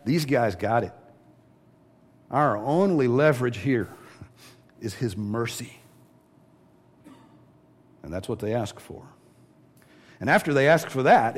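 Male preacher, mid pitch, animated delivery, teaching sermon. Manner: lively preaching, acting out quoted voices. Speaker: pastor.

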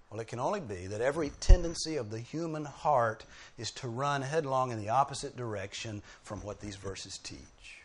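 A pastor with a mid-range, husky voice preaches an expository sermon. He hammers his points home by emphatically repeating key phrases with rising force.

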